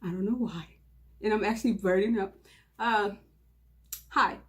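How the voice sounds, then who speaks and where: A woman's voice: medium pitch, moderate pace. Young woman, nervous and giggly, rambling casual vlog talk, stumbles and restarts. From Mauritania. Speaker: channel host.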